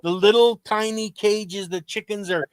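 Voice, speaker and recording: Higher-voiced man co-hosting, dry sound. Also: fairly even intonation, normal speed, clear, resonant tone, dry recording. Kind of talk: casual livestream chat.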